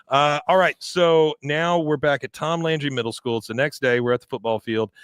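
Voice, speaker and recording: A man's voice: on the high side, steady tone, normal speed, a bit bright, clear, resonant tone. Chatty male podcast host. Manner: chatty, filler-heavy, reads viewer comments, laughs often. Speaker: podcast host recapping an episode. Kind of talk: casual recap chat.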